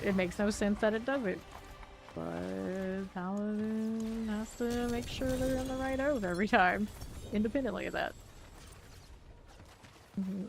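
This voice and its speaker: A woman's voice: mid-range voice, creaky. A woman streamer chatting casually and thinking aloud while she sorts loot during gameplay commentary.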